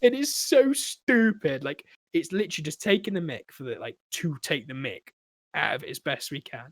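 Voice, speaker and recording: High-voiced man telling stories animatedly. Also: normal speed, dry recording. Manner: animated storytelling, swears freely, laughs often. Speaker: podcast co-host. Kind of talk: casual chat.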